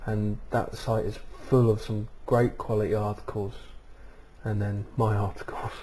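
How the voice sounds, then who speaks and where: Male vlog host, low and steady monotone, rambling, casual, webcam-miked. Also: a little slow, slight background noise. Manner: rambling, many ums and uhs. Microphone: webcam microphone.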